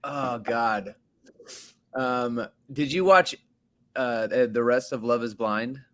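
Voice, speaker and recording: A man's voice: mid-range voice, takes it slowly, a bit bright. A man co-hosting a comedy podcast, chatting casually with frequent laughs and rambling, filler-heavy stories. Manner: laughs often, loose rambling storytelling with many fillers. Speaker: podcast co-host and stand-up comedian.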